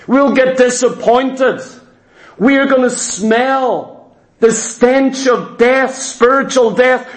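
High-voiced man preaching fervently. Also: roomy sound. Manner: fervent, rhetorical questions to the congregation. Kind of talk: sermon. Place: church.

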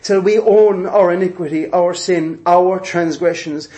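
A man delivers a sermon in a fairly high voice. He hammers key lines through repetition and acts out the voices he quotes. He speaks to a gathered congregation. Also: fairly even intonation, measured pace, dark tone. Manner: emphatic, repeats phrases, acts out quoted voices. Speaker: preacher. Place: church hall with congregation.

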